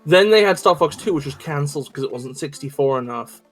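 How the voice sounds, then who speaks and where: Male stream co-host, rambling comic riffs, light swearing, slightly higher voice. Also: lively intonation, fairly quick, fairly bright tone, faint music behind. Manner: joking, profane, rambling riffs. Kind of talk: casual chat while gaming.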